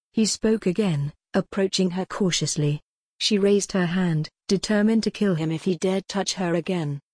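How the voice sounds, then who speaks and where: Woman narrating a dark gothic novel. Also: fairly low pitch, slightly rough, no room sound, clean studio sound. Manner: measured, dramatic storytelling. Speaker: audiobook narrator. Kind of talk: scripted narration.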